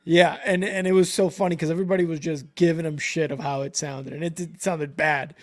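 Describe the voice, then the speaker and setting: High-voiced laughing man. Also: steady tone, fairly quick. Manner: laughs easily, swears casually. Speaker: co-host of a football live stream. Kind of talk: casual chat.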